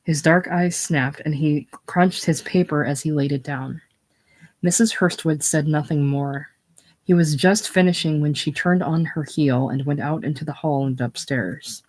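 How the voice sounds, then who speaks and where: An audiobook narrator reading a classic novel. The reading is measured and even, with plain steady delivery. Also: medium pitch. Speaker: audiobook reader.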